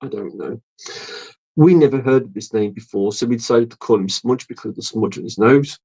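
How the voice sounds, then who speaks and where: A man hosting a casual livestream, rambling with lots of ums and soft laughs. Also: mid-range voice, a little fast, husky, low-quality recording. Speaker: livestream host. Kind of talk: casual livestream chat reading viewer comments.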